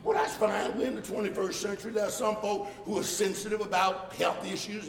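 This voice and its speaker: A male pastor preaching a sermon, building from quiet explaining to loud shouted points and mocking the voices of critics. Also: high-pitched, steady tone, a little fast, vocal fry, hardly any pauses. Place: church sanctuary. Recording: echoey hall from far off.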